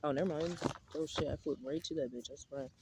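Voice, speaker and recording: A man's voice: a little high, fairly quick, a little mellow, slight background noise. A young man rambling casually outdoors in a park, full of slang, swearing and filler words. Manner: rambling, profane slang-heavy talk with many fillers. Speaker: vlogger.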